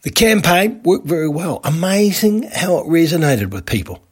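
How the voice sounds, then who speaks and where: A man's voice: a little high, very animated, normal speed, breathy edge. A middle-aged man, a radio ad salesman, telling a casual, rambling story with lots of restarts.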